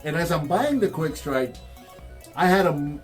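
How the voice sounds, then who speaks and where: A man's voice: fairly high pitch, measured pace, faint music behind. A man hosting a toy review channel, chatting casually and acting out what people said. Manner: animated storyteller, acts out quotes. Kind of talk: casual chat.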